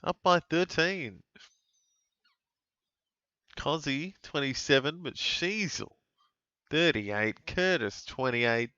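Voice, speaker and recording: A man's voice: medium pitch, expressive, a little slow, sharp tone, smooth, no echo. A man hosting a live fantasy sports watch-along, chatting and exclaiming as plays happen. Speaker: host. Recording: dull lo-fi dry mic sound.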